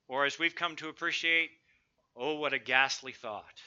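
A man's voice: on the high side, moderate pace, sharp tone, clear, resonant tone, muffled recording. A middle-aged man preaching a sermon, emphatic and building lists of strong words. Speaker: pastor.

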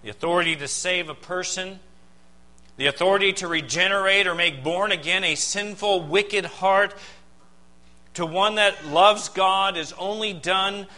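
Bright-voiced man preaching emphatically. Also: high-pitched, low-quality recording. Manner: emphatic preaching with dramatic pauses and rhetorical questions. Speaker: pastor. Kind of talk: sermon.

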